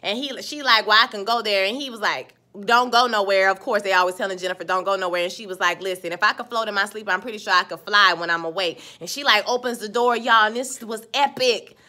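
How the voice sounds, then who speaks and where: A woman, giving a casual, animated recap of a TV episode with playful asides. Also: mid-range voice, quick pace, few pauses. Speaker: TV episode reviewer.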